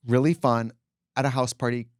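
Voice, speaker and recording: Animated man telling a camp party story. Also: medium pitch, smooth, no echo, studio quality. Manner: animated storyteller, quick voices for quoted people, camp asides. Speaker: podcast co-host. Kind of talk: casual storytelling chat.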